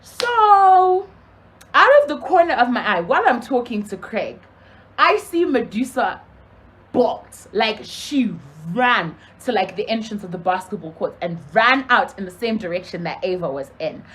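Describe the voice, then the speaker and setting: A young woman from Zimbabwe tells a casual story to her channel, her voice sitting a little high. She talks with a lively, swooping pitch and slips into the voices of the people she describes. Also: unhurried. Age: young adult. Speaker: YouTuber telling a story.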